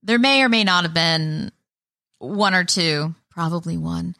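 A woman's voice: fairly low pitch, measured pace, gravelly, pushed and bright, no echo, clean studio sound. A woman co-hosting a podcast, telling a story in casual chat and swearing freely. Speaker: podcast co-host.

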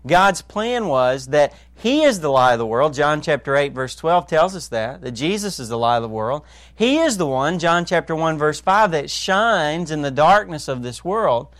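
Pastor, man, high voice, dry close sound; earnest sermon, hushed to emphatic, asks the listeners questions. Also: big pitch swings, moderate pace, no room sound.

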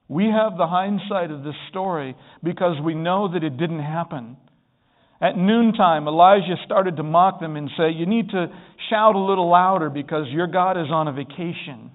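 Man preaching over a tinny line. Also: fairly high pitch. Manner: storytelling, rising to emphatic bursts. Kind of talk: sermon. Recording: tinny phone-like sound.

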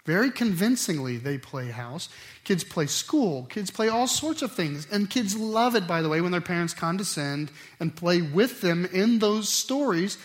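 A middle-aged man preaching a sermon, animated, swinging between loud emphatic stretches and quiet asides. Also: high-pitched, unhurried. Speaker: pastor.

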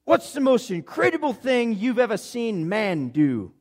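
A man's voice: high-pitched, measured pace, voice pushed up, exaggerated voice. A man doing a gushing older guy with a thick accent. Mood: boastful. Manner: excited, gushing, talks on and on. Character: enthusiastic chatty older man with strong accent.

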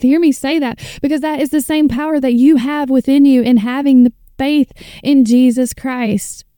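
A woman's voice: high voice, steady tone, normal speed, mellow, clean tone, dry recording. A woman in her thirties hosting a faith podcast, reading scripture and speaking with earnest, preacher-like fervor into a close mic. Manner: fervent, earnest, preacher-like build-ups. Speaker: podcast host and author.

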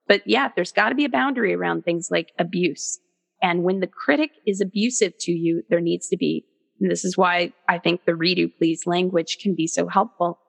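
A woman in her thirties or forties, speaking as an interview guest in an earnest, animated way. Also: lowish voice, normal speed, creaky, long reverb tail. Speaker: guest, author. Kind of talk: conversational interview.

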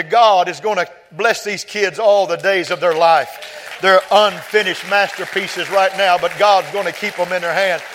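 A pastor preaching a sermon, telling personal stories quietly and then rising to shouted climaxes. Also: male voice, sits high. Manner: swings from soft storytelling to loud shouted peaks.

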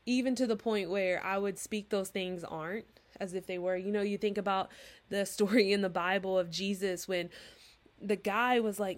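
A woman in her thirties preaching in a casual, chatty way, earnest and animated as she acts out little dialogues. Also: medium pitch, normal speed. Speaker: Christian podcast host. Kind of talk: informal preaching monologue.

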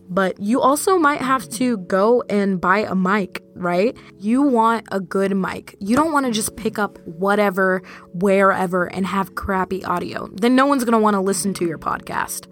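A young woman hosting her own podcast, talking casually and directly to her listeners in a relaxed, chatty monologue. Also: medium pitch. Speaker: podcast host.

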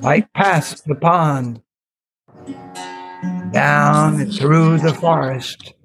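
A man telling a folktale in an improvised, slow and measured storytelling manner. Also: on the high side, music in the background, poor audio. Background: veena accompaniment.

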